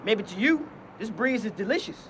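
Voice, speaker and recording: A man's voice: high-pitched, lively intonation, normal speed, noisy background. A man playing a cocky, taunting male house cat who meows to win back his owner and threatens a rival in an indie comedy short. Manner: cocky, taunting, mock meowing.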